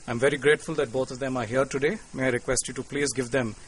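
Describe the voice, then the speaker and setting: A man with an Indian English accent giving a formal, courteous public lecture to an audience, measured and lightly humorous. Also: mid-range voice, steady tone, slight background noise, poor audio. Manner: courteous, measured, with cricket quips. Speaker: invited lecturer. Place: lecture hall.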